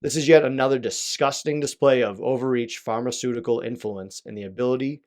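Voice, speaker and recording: A man's voice: medium pitch, brisk, a little mellow. A young man hosting his own podcast, talking in a rambling, self-deprecating, chatty way. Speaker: podcast host. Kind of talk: casual solo podcast chat.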